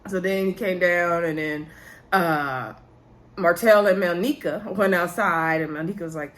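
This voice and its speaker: A woman's voice: lowish voice, unhurried. A woman recaps a reality show in a loose, chatty way. She talks straight to her viewers and calls them y'all. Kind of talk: casual recap vlog.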